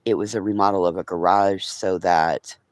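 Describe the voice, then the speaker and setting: A man's voice: low voice, steady tone, normal speed, no echo. A man in a casual, rambling live-stream chat, talking to his viewers and his pets early in the morning. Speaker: vlogger.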